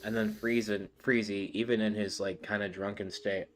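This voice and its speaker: A man's voice: lowish voice, flat delivery, normal speed, noisy background. A man hosting a podcast in casual chat, rambling and swearing with many fillers. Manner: rambling, profane, full of fillers. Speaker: podcast host.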